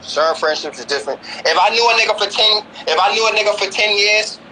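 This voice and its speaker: Male host, high bright voice, halting with restarts, faint noise. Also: rough recording. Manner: halting, restarts and repeats while making his case. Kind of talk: casual conversation.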